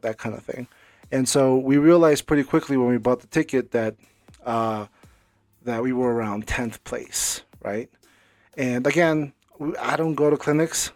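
With a darkish mid-range voice and no echo, a thirtysomething man talks solo on his home podcast. He has a cold and a cough, and his casual talk wanders with fillers and false starts.

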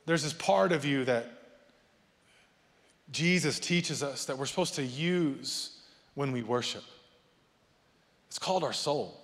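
A man preaching a sermon as pastor, swinging from loud, rising appeals to soft, low asides and joking with the congregation. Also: takes it slowly, pauses often. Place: church sanctuary. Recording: long reverb of a church hall.

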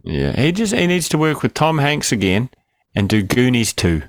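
A man's voice: medium pitch, big pitch swings, moderate pace, no echo, clean studio sound. A man co-hosting a casual film review chat, jokey and wry. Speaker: podcast co-host.

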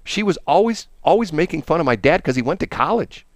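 Animated, rambling male radio host. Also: a little high, fast talker, dry recording. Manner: rambling, enthusiastic storytelling with many restarts. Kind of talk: casual chat.

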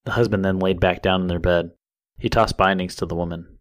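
A man co-hosting a podcast, reading true crime case details in a steady, even way. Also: low-pitched, fairly quick. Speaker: podcast co-host.

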